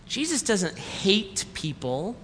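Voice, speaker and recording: Man, preacher, comic story sermon, bright tone, reverberant hall. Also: high voice. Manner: animated storyteller, acts out family dialogue, then slows for the lesson. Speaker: pastor. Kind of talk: sermon with a humorous personal story. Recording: reverberant hall with faint room noise.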